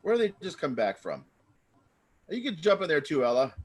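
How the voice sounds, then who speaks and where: A man's voice: a little high, wildly swooping pitch, brisk. A man hosting an improv comedy show over a video call, chatty and rambling. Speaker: improv host. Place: home via video call.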